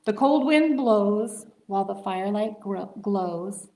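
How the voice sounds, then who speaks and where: A woman librarian reading a picture book aloud to children, slow and expressive. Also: medium pitch. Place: library story time room. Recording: roomy library room.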